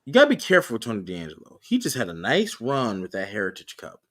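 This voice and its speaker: A young man breaks down upcoming wrestling matches in casual podcast chat. His pitch rises and falls a lot as he talks. He thinks out loud, restarting sentences and putting questions to his co-host. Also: wildly swooping pitch, fast talker.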